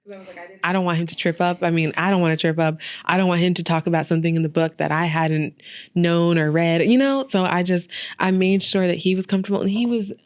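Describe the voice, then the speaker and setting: A young woman with a fairly low voice chats on a podcast, animated and storytelling as she acts out what she and others said. The sound is close and dry, with no room around her. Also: fast talker, no echo. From Albany, New York. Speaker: podcast host and guest. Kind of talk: casual interview chat.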